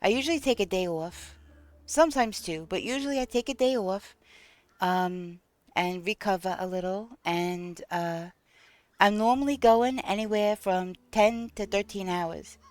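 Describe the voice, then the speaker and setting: A woman's voice: mid-range voice, measured pace, a little mellow, no room sound. A woman streaming a video game live, chatting casually with viewers, thanking them and talking through her gameplay with frequent ums. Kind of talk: casual live-stream chat while playing.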